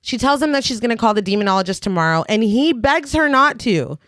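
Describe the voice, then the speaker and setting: A woman's voice: a little high, animated, quick pace, fairly bright tone, dry recording, clean studio sound. A woman co-hosting a casual horror podcast, recapping a film scene by scene, laughing often and swearing freely. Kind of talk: casual chat.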